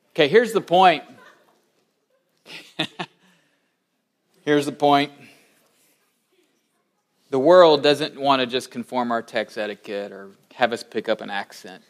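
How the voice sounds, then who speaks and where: A middle-aged man preaching a sermon, telling stories with animated delivery and acting out the voices of people he quotes, slowing down to stress key lines. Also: mid-range voice. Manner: slows down for emphasis on key lines. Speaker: pastor.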